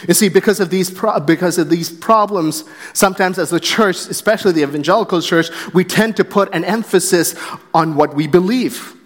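A man's voice: high-pitched, brisk, fairly bright tone, big-room sound. A pastor preaching a sermon in an earnest way, acting out short quotes and restarting his phrases as he goes. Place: church sanctuary.

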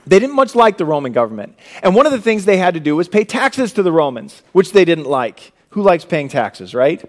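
A young man delivers a sermon with a fairly high-pitched voice. He moves between loud, driving emphasis and quiet, low-voiced moments. His delivery stays dynamic and earnest from start to finish. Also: big pitch swings, fairly quick. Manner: dynamic preaching, swinging from loud emphasis to hushed low tones. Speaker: pastor.

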